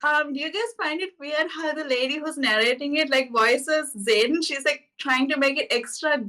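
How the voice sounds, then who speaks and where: A woman's voice: sits high, normal speed, pushed and bright, far from the mic. A woman in a casual book club chat, talking with lots of fillers and giggles.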